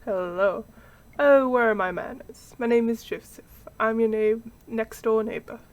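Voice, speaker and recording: A woman's voice: fairly high pitch, measured pace, close to an everyday voice. A woman voicing a friendly, clean-cut neighbor dad in a game, with a put-on British accent and polite, neighborly manners.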